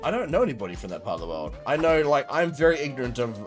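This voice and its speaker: A man's voice: mid-range voice, big pitch swings, racing, music in the background. An Australian man in his thirties, hosting a game stream and chatting casually with viewers in a rambling, playful, teasing way. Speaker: livestream gamer host. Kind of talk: casual chat while gaming, reading viewer comments.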